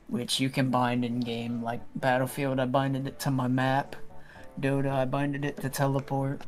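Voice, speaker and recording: A man streaming a game, telling stories in a lively, casual way and swearing freely. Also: mid-range voice. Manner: animated storyteller, swears freely. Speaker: streamer playing an online game. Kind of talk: casual gaming chat.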